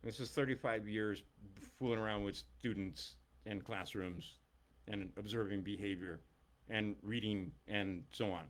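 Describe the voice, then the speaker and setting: A man's voice: on the low side, fairly even intonation, measured pace. A middle-aged man and longtime teacher giving a blunt, emphatic, profane ranting monologue.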